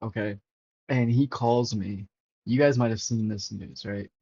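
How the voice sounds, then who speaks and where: A man hosting a crypto livestream, talking casually and excitably over charts and swearing freely to his chat. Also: fairly low pitch, unhurried, vocal fry, slightly rough. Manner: profane, excitable, talks to chat. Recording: dull lo-fi stream audio.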